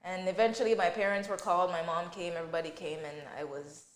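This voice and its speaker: A woman's voice: fairly low pitch, fairly even intonation, quick pace, reverberant. A woman, a podcast guest, telling a painful personal story in conversation and often quoting what others said. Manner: emotional, quotes others' words.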